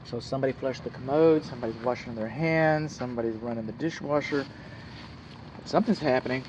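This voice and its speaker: A man's voice: mid-range voice, fairly quick, background noise. A man with a Texan accent working as a home inspector, explaining things plainly as he walks around a house outdoors. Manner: folksy, explains plainly while walking. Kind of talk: casual walkthrough narration.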